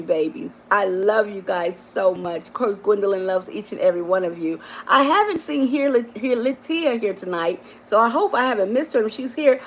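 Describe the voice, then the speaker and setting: A woman life coach giving a motivational live-stream talk, affectionate and emphatic, often repeating herself and calling her listeners baby and honey. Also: a little hiss or hum. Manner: emphatic and repetitive, rising to high exclamations.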